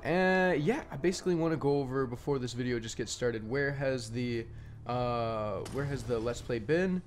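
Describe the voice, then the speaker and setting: A young Canadian man, a gaming YouTuber, rambles casually while playing a video game, chewing candy as he talks and filling his speech with fillers and restarts. His voice sits at a medium pitch and moves at a normal speed, with a faint hiss or hum underneath.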